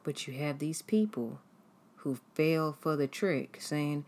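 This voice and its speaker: A woman with a low, husky voice gives a devotional teaching. She tells everyday stories in a conversational, animated manner. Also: slow pace. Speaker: devotional speaker.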